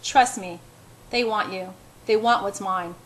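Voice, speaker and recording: Woman reading as a young guy, possessive and intense, murmurs low. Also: unhurried, lightly acted. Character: young adult man, intense possessive lover.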